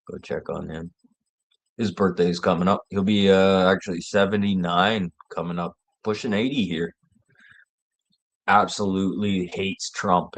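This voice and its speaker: Guy host, low voice, loose, profane, rambling delivery. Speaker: show host. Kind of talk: casual rambling monologue.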